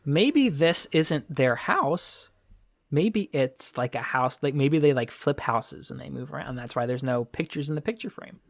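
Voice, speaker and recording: Chatty podcast co-host, a man, lively pitch, mid-range voice, laughs a lot. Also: a little slow, gravelly, no room sound, clean studio sound. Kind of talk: casual podcast chat and read-along.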